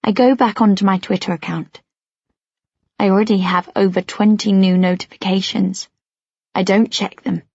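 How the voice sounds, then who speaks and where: A woman reading a first-person audiobook in a hushed voice that often drops to a whisper. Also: medium pitch, steady tone, normal speed, creaky, slightly rough, dry recording. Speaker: audiobook narrator. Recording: dull, dry lo-fi audio.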